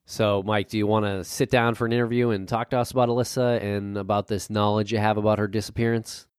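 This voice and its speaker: A man's voice: lowish voice, little pitch movement, quick pace, smooth, dry recording, clean studio sound, close to an everyday voice. A man playing an adult male police detective who keeps pressing a prisoner to talk, in a dramatized interview reading. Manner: pressing, insistent.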